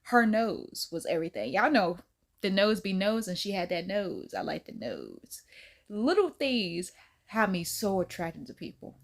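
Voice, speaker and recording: A woman host chatting casually in reaction, giggly and animated. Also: unhurried. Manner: animated and giggly, swooping pitch.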